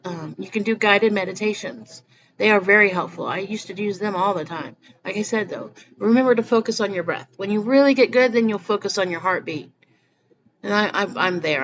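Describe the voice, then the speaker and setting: A woman talking earnestly to her viewers in a rambling personal vlog, often restarting her sentences. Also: mid-range voice. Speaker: spiritual vlogger. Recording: slightly muffled with faint background noise.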